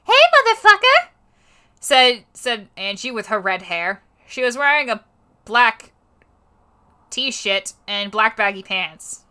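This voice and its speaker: A woman's voice: mid-range voice, slow, sharp tone, clear, resonant tone. A young woman on a livestream reading a fanfiction aloud for laughs, stumbling over words and breaking off into exasperated, cursing asides. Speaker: streamer.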